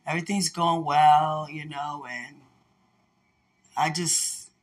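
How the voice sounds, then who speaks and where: A woman's voice: deep voice, steady tone, takes it slowly. A woman host giving a casual, heartfelt podcast monologue, candid and rambling, laughing often as she talks to a loved one. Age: adult with a son.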